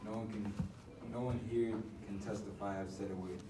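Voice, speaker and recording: A gruff old man of eighty-three, still strong, read aloud by a male student. His voice sits a little low and comes from far off across an echoey classroom. Steady background noise hangs under it. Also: moderate pace, lightly acted. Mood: defensive. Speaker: student reading a part. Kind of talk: classroom play reading. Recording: echoey room from far off, noisy.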